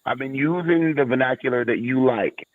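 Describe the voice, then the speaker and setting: A man makes blunt, emphatic points on a casual relationship podcast. His voice comes through a tinny, phone-like line, dry and close, at an ordinary middle pitch. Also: normal speed, no echo. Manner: emphatic, blunt, building to a punchline. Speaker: podcast co-host.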